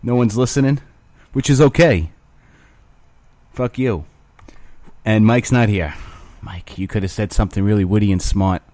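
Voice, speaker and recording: A man's voice: fairly low pitch, moderate pace, dark tone, no echo. A man hosting his own show alone, rambling crudely with self-mocking humor. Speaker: podcast host. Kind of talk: casual solo rambling.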